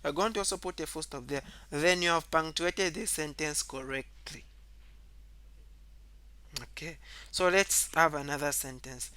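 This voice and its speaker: A man's voice: unhurried, clear, resonant tone, dry recording. A man teaching a grammar lesson, explaining step by step, repeating key points and saying "okay" often, and reading example sentences aloud with extra emphasis. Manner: reads example sentences aloud louder and higher.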